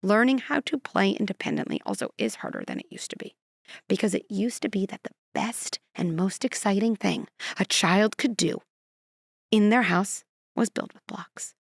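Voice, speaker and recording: A woman psychologist speaking as a podcast guest, animated and expressive, slipping into quoted voices to make her points. Her voice sits at a middle pitch with a gravelly, fry-tinged texture. Recorded close and dry. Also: normal speed, no echo. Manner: animated, acts out quotes and scenarios. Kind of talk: conversational interview.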